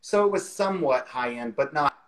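A man in his forties tells a story from his career in a relaxed interview. His voice sits in an ordinary middle range, and he talks in a chatty, animated way with frequent fillers. It sounds like it was recorded over a video call. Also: mid-range voice, a little fast, rough recording. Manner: animated, chatty anecdote telling with many fillers. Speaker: guest, real estate expert.

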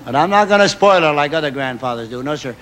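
A middle-aged man telling a folksy comic story as a stand-up monologue, stammering when excited. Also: on the high side, fast. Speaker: comedian guest. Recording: live TV audience, noisy old broadcast. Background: audience laughter.

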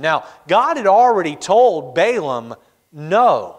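A male pastor preaching a sermon in a church, telling the story with animated voices. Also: sits high, normal speed. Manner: animated storytelling, acts out characters. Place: church sanctuary. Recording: long hall reverb in church.

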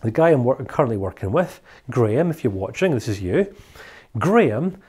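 Scottish man, course teacher, animated pitch, jokey chatty delivery. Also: moderate pace, breathy edge. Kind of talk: recorded course lecture.

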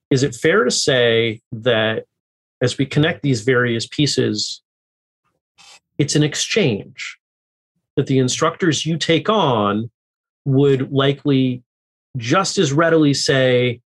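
A man hosting a podcast interview, working his way through long, carefully rephrased questions. His voice is gravelly with a husky edge. He circles back to make sure he asks exactly what he means. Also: mid-range voice, low-quality recording. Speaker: podcast host.

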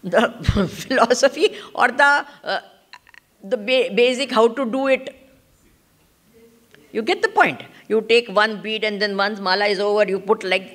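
A woman's voice: medium pitch, measured pace. A woman with an Indian accent giving a spiritual lesson on Vedanta. She often checks in with her listeners, switches into Hindi now and then, and laughs as she explains. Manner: animated, laughs while explaining. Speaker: spiritual teacher. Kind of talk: Vedanta discourse.

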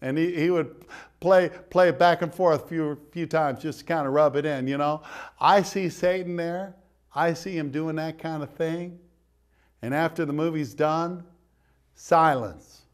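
A man's voice: a little high, measured pace. A man, a priest, giving a conversational sermon with direct asides to his listeners.

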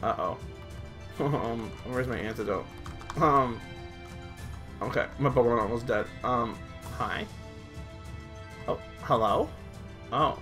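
A man's voice: mid-range voice, slow, long pauses, a bit bright, soft background music. A man chatting playfully through a let's play, singing silly little ditties as he goes. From Canada. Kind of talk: casual gameplay commentary.

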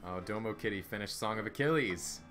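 A man's voice: lowish voice, a little fast, fairly bright tone, soft background music. A man streaming a cooking game, trading sarcastic, bossy banter while cooking. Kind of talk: casual co-op gaming chat.

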